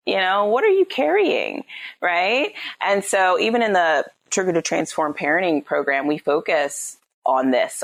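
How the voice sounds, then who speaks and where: A middle-aged woman speaks as a podcast guest, explaining parenting ideas in an animated, conversational way. Her voice sits a little low, but her pitch swoops up and down a lot, and she often ends a point with "right?". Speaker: psychologist and parenting coach guest.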